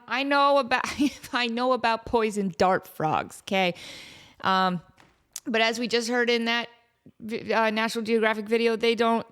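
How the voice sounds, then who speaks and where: Woman in her 30s, solo podcast host, slightly high voice, sleepy and rambling, self-deprecating humor. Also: fairly bright tone, smooth. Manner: rambling, self-mocking, quick to laugh. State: tired, just woke up. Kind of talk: casual solo podcast chat.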